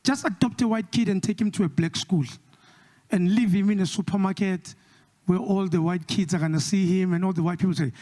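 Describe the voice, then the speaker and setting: A South African man performs stand-up with a distinctly high-pitched voice and a South African accent. He jumps between English and Xhosa, putting on quick impressions of the people in his stories. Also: steady tone, dark tone. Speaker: comedian. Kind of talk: stand-up comedy.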